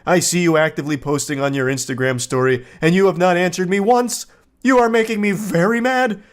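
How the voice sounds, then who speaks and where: A man voicing an obsessed young man who pleads and then rages, in a high whiny voice. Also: fairly even intonation, quick pace, lightly acted. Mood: furious pleading.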